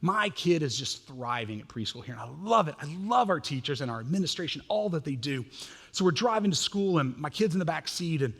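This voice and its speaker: Pastor, man, 30s, slightly high and husky; animated, self-mocking sermon storyteller in a reverberant sanctuary. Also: a little fast. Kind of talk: sermon with humorous family stories. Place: church sanctuary. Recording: long reverb of a church hall.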